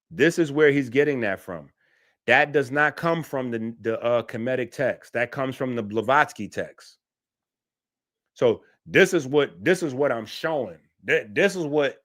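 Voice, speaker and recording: A man's voice: medium pitch, a bit bright. A man giving heated, incredulous commentary on a live stream, lecturing and arguing point by point. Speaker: online commentator.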